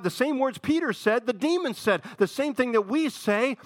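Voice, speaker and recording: A man preaching a sermon, telling a story from an old TV show in a conversational way and pausing to ask his congregation questions. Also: very high-pitched, lively intonation, fairly bright tone, no room sound, studio quality. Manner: conversational storytelling, retells a TV episode with asides to the congregation. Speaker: pastor.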